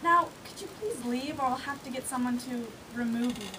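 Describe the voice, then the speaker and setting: Matter-of-fact office clerk, played by a woman, high voice, distant noisy recording. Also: brisk, lightly acted. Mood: polite. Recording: distant mic, noisy background.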